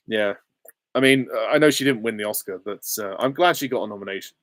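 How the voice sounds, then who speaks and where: A man's voice: lowish voice, brisk, no room sound, studio quality. A young adult man hosting a casual live Q&A, reading out chat questions and giving short, offhand, easygoing answers. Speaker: channel host.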